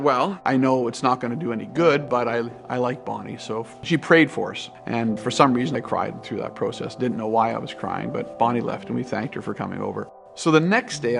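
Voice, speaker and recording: Gravelly man telling his life story. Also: mid-range voice. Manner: earnest, reflective storytelling. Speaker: testimony speaker. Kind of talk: personal testimony.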